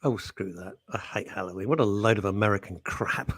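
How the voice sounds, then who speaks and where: A man's voice: lowish voice, fairly quick, a bit bright, breathy edge, no echo, studio quality. A man co-hosting a radio show, sardonic and grumbling as he reads out listener messages. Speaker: radio co-host. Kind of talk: casual radio banter. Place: radio studio.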